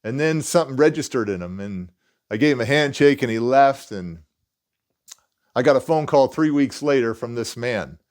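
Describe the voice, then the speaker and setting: Animated, expressive motivational speaker man. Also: medium pitch, moderate pace. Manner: animated storyteller, acts out quoted dialogue. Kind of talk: direct-to-viewer motivational storytelling.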